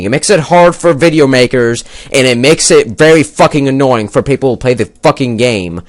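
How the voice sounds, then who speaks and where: A gaming video maker, a young man, rants angrily to the camera about a game, swearing a lot and rambling as he argues his point. His voice is a little high and expressive, at a normal speed, with no echo.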